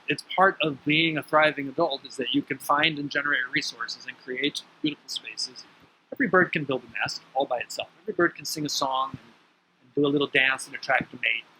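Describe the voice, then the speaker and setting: A man telling stories in a motivational talk about the mind, emphatic, with sudden lively jumps in pitch. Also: a little fast, a little hiss or hum, low-quality recording. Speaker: spiritual teacher.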